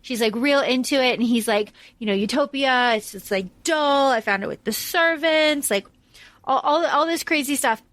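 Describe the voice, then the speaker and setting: A woman's voice: sits high, normal speed, fairly bright tone, dry recording. A woman co-hosting a podcast in casual chat, enthusiastic and gushing. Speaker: podcast co-host.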